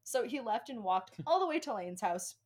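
Giggly woman with a lively, high voice. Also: moderate pace. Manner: giggly, laughs often. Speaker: podcast co-host. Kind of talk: casual chat, story recap.

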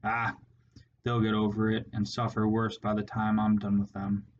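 A contemptuous rat warlord barks his commands with a cruel snarl, as a man reads him in a storybook. The voice sits low and moves little in pitch. The recording is dull and lo-fi, with faint noise behind it. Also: completely flat delivery, moderate pace, lightly acted. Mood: snarling, commanding. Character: harsh scarred male rat warlord.

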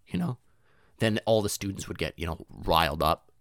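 A young man telling a long comic story in a loose, rambling way, swearing often and saying "dude" and "you know", with restarts and sudden high voices for the people he quotes. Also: brisk, fairly bright tone, dry recording, studio quality.

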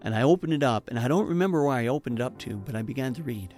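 A man's voice: medium pitch, expressive, racing, a little mellow, soft background music. A man telling his personal testimony in an earnest, emotional way, with preacher-like emphasis. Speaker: speaker giving a personal testimony.

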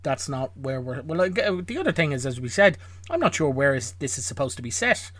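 A man's voice: mid-range voice, very animated, a little fast, fairly bright tone, no room sound. A man co-hosting a podcast, rambling and wryly incredulous. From Ireland. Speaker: podcast co-host. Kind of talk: casual chat.

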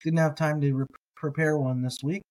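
A man teaching a reading lesson, patiently repeating each word slowly for listeners to echo. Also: fairly high pitch, fairly even intonation, a little mellow. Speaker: language teacher.

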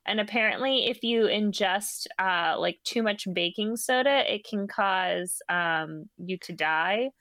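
A woman's voice: medium pitch, unhurried, hardly any pauses, a bit bright, no echo. Chatty woman co-host, dry sound. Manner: rambling storyteller, many ums and likes. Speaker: podcast co-host. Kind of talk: casual chat.

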